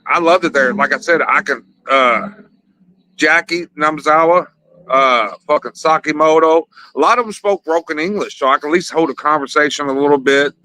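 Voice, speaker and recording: A man's voice: fairly high pitch, bright, forceful tone, low-quality recording. A man telling rambling, profane stories in a casual interview, laughing along as he goes. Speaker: wrestler, interview guest.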